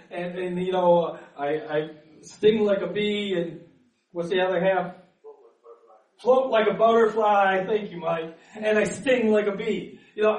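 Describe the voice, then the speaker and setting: A man preaching a sermon as pastor, earnest, stumbling over repeated words and then building up with fervor. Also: high voice. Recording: echoey room, mic at a distance.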